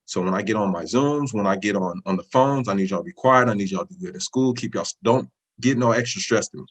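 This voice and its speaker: Husky, low-voiced man telling his story. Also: fast talker, low-quality recording. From California. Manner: earnest, emotional, talks in loose run-on phrases. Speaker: interview guest, student sharing a success story. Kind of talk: casual testimonial interview.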